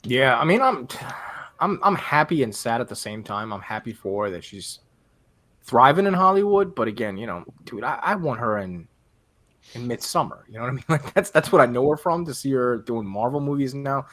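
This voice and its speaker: A man's voice: mid-range voice, sing-song, brisk, fairly bright tone. A man with a mid-range voice co-hosts a movie podcast, rambling loosely and poking fun at himself. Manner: self-deprecating, rambling. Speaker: podcast co-host. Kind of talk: casual movie chat.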